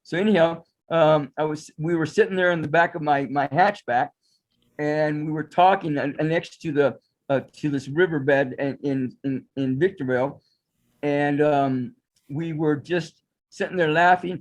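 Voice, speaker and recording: A man's voice: a little high, steady tone, moderate pace. A man, a psychic astrologer, telling his story as a guest in a casual interview, in a meandering way.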